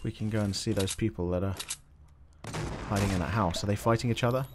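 A man doing jokey game commentary, talking to himself with sudden excited yelps. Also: lowish voice, fast, noisy background. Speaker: gaming channel host.

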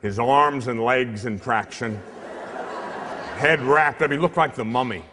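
A priest tells a funny story from the pulpit, lively and playing each character in the tale himself. He speaks at a medium pitch and a slightly slow pace. Long hall reverb fills the recording, with slight background noise.

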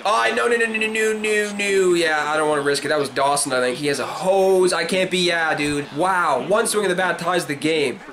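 A man giving live gameplay commentary, excitable, swearing and shouting at the game. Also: a little high, moderate pace, hardly any pauses, rough recording. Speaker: gaming commentator. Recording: game crowd noise behind. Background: stadium crowd from the game.

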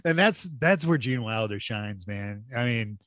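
A man's voice: on the low side, animated, measured pace, fairly bright tone, no room sound, clean studio sound. A man co-hosting a podcast in casual chat, enthusiastic and profane, often ending lines with "man". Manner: enthusiastic, swears, says man a lot. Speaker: podcast co-host.

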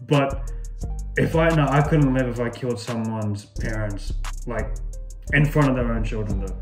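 A man's voice: mid-range voice, normal speed, reverberant, faint music behind. A young man from Australia who chats casually and swears a lot while he answers would-you-rather questions in a vlog. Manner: casual and chatty, swears often, says "bro" a lot. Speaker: YouTuber.

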